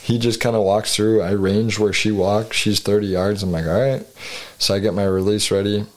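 A man's voice: on the low side, level tone, fairly quick. A man co-hosting a podcast, rambling through a hunting story in casual chat with frequent swearing. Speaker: podcast co-host.

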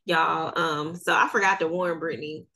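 This podcast host, a woman with a Southern accent from North Carolina, has a low, bright, forceful voice with fairly even intonation and normal speed. She keeps the casual interview chatty and upbeat and laughs a lot.

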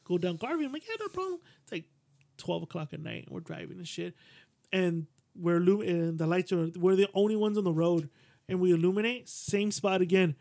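A man's voice: fairly quick, vocal fry, darkish tone. A man hosting a podcast, rambling through crude stories in casual chat and acting out quoted lines. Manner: rambling storyteller, acts out quotes in a higher voice. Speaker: podcast host.

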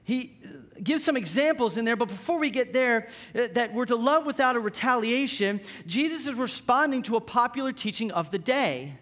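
A man's voice: very high voice, lively intonation, moderate pace, a bit bright. A man preaching a sermon in a conversational way, reading scripture and asking the congregation rhetorical questions. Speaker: pastor.

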